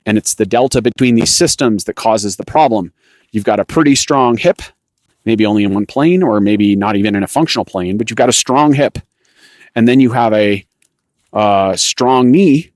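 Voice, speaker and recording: A man's voice: lowish voice, normal speed, a little mellow, dry recording. A man hosting a cycling coaching podcast, explaining technique in a loose, self-correcting way while walking a rocky trail outdoors. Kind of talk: instructional podcast monologue.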